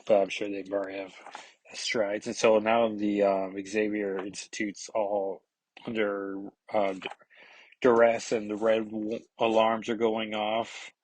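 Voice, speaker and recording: A man's voice: on the low side, flat delivery, a little slow, dry recording, low-quality recording. A man hosting a podcast, casually recapping a comic book issue in a rambling, filler-heavy way and briefly acting out characters' lines. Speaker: podcast host.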